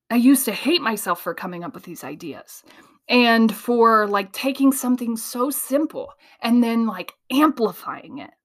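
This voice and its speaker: Animated woman telling a story, laughing. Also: fairly high pitch. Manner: quick, tumbling flow of ideas. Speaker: host. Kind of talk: casual monologue.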